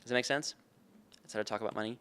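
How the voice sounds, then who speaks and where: Conference speaker, male, low smooth voice, earnest and conversational. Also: steady tone, racing, a bit bright. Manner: earnest, conversational, addresses audience with questions. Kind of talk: conference talk. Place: conference room.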